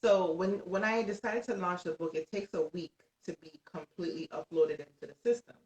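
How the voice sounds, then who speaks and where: An excitable woman tells a story with lots of energy, at times laughing and shouting. Her voice sounds set back from the mic and echoes around a roomy space. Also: on the low side, brisk, distant mic. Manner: animated, breaks into laughs and shouts when excited. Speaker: guest author. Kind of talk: excited storytelling on a live stream.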